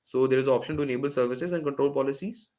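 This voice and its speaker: A man's voice: medium pitch, racing, darkish tone. A man presenting a live online workshop, explaining step by step with frequent fillers and restarts over a video call. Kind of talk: live screen-share tech demo.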